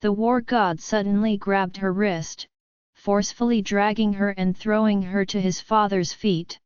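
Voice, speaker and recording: A woman narrating a fantasy audiobook in a steady, measured way. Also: mid-range voice, clear, resonant tone, no room sound, muffled recording.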